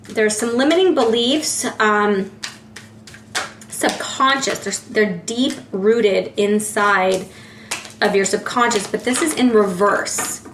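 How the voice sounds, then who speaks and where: A woman's voice: mid-range voice, slow pace, noisy background. A woman giving a casual tarot reading in a chatty way, often filling with "like" and searching for words. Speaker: tarot reader. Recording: roomy echo.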